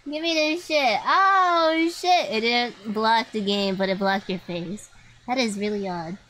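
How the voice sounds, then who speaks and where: Young adult woman, fairly high voice, excitable and foul-mouthed live game commentary. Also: a little slow, rough recording. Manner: excitable, swears freely, talks to chat. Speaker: streamer.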